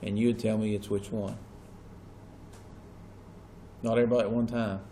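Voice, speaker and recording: A man lectures a classroom in an easygoing, conversational way. He keeps pausing to check whether his students are keeping up. A faint hiss sits under his voice. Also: fairly low pitch, flat delivery, warm tone. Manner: checks in often with students, casual Southern-style phrasing. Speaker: teacher.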